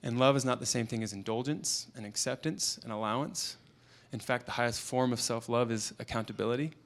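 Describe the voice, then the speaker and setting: A man's voice: mid-range voice, a little fast. An earnest man in his thirties shares stories from his work and his family in a motivational conference talk. He speaks as a parenting expert. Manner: earnest storytelling, quoting a client and his child. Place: conference event.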